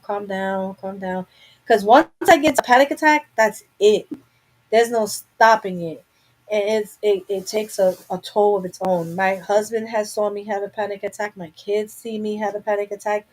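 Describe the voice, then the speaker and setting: A young woman hosts a relaxed livestream from her home. She talks openly and rambles on at an ordinary mid pitch, as if she were catching up with a friend. She is recorded on a simple webcam-style mic. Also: moderate pace, low-quality recording. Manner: candid, rambling, talks to herself. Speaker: live stream host. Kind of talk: casual chat to viewers.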